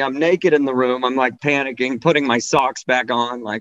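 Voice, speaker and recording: A man performing a stand-up comedy set, telling a story in an animated way and acting out the voices of the people in it. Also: mid-range voice, normal speed, dry recording, muffled recording.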